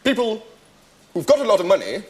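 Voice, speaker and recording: Uomo che fa un cliente raffinato dalla voce acuta. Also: male voice, high voice, wildly swooping pitch, brisk, slight background noise. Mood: deadpan, polite. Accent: posh southern English. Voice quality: plummy, precise diction. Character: posh fussy man buying fast food. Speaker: comedy sketch performer. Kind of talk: sketch comedy acting.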